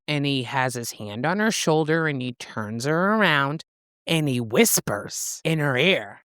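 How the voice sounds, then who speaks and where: Animated woman retelling a story. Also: low-pitched, unhurried, no room sound, studio quality. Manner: animated storyteller, acts out lines, laughs often. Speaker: podcast co-host. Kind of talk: casual book club chat, retelling the plot.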